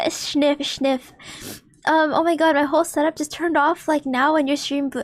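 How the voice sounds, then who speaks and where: A young adult woman streaming from home, chatting straight to her viewers in an excitable, giggly way. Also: high voice, unhurried. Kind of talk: casual livestream chat.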